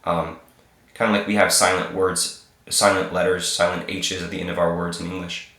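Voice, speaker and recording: A man with a very low voice walks learners through a reading lesson at his computer. He goes slowly and patiently, repeating every sound. The room adds a noticeable echo. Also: little pitch movement, bright, forceful tone. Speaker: Hebrew teacher. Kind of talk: screen-share reading lesson. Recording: roomy echo.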